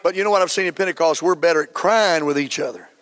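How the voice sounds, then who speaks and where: A middle-aged male pastor delivers a sermon with fervent energy. His voice sits a little high for a man and swells into shouted emphasis, and he acts out quoted lines as he goes. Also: quick pace.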